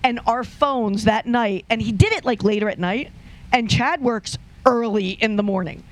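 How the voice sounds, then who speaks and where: A man's voice: high-pitched, moderate pace, a bit bright, rough recording. A man co-hosting a radio show, chatting casually and rambling through a story. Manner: rambling storyteller with restarts and quoted asides. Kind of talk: casual chat.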